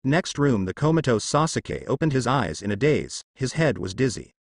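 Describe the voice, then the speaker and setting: A man narrating a story in an even reading with stilted phrasing. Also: mid-range voice, normal speed, no echo, clean studio sound.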